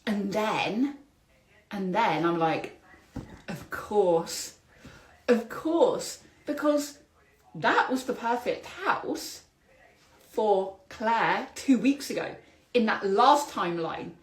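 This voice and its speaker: A woman hosting a solo podcast, telling a story in an animated, exclamatory way with spiritual vocabulary. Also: medium pitch, drawn-out words, pauses often, reverberant, poor audio. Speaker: podcast host.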